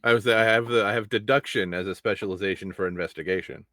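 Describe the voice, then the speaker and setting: A man with a Chicago accent playing in a tabletop role-playing game, relaxed and swearing casually. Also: on the low side, quick pace. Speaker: player.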